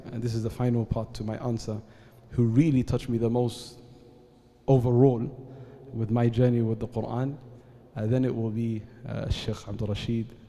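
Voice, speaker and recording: A man speaking earnestly as a panel guest, measured, with frequent pauses and formal Arabic phrases. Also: medium pitch, mellow. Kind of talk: formal talk at a live event. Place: event hall at an Islamic centre. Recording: long hall reverb.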